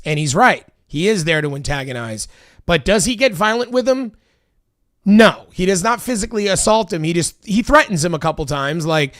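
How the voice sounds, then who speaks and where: A heated, exasperated man reacts to video clips, arguing and swearing at his viewers. His voice sits a bit higher than most men's, and the sound is dry and close, with no room around it. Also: animated, moderate pace, fairly bright tone, no room sound. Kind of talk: casual political commentary. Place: Los Angeles.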